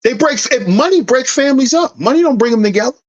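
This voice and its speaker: A man's voice: very high-pitched, animated, fast, lo-fi sound. A man hosting a commentary channel, preaching an emphatic rant that repeats lines for effect and swears freely. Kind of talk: ranting social commentary.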